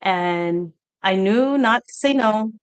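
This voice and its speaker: Brief: unhurried woman guest, earnest and halting, personal testimony. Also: mid-range voice, expressive, clear, resonant tone. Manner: halting, earnest, reenacts past talk in quotes. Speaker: guest sharing her story. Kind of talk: personal testimony on a live talk show.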